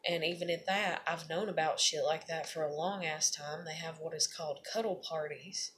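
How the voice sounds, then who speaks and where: A woman talks straight to camera in a long confessional ramble, blunt and loose with her swearing. Her voice sits a little low and has a bright, forceful edge. A faint hum of background noise runs under her. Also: steady tone, normal speed. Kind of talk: candid personal monologue.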